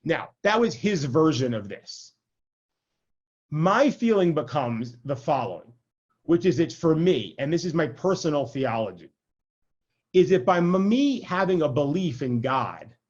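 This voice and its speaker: A man's voice: fairly high pitch, big pitch swings, measured pace, dull audio. A man, a rabbi, giving an informal class in a conversational way, often checking in with "right?" and adding self-deprecating asides over a video call. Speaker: rabbi teaching an adult class. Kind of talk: informal lecture.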